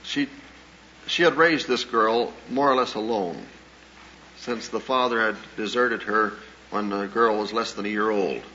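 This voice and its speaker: A man's voice: fairly low pitch, fairly even intonation, pushed and bright. Earnest man preaching on an old recording. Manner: earnest, measured storytelling with hesitations. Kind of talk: sermon-style talk with anecdotes. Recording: dull lo-fi old recording with faint hiss.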